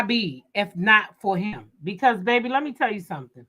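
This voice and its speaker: A woman telling viewers a personal story in a casual, animated and emotional way. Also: medium pitch, normal speed, few pauses. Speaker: vlogger.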